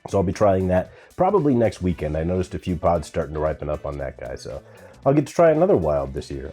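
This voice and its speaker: Male vlog host, low mellow voice, relaxed and chatty, faint music behind. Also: fast talker, slightly rough. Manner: easygoing, chatty, admits he can't pronounce names. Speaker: gardening and pepper-tasting channel host. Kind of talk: casual vlog talk to camera.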